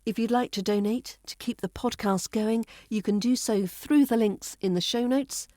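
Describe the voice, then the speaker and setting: A woman with a British RP accent, hosting a scripted podcast lesson as an accent coach, poised and precise in a measured delivery. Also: a little high, warm tone, dry recording, studio quality.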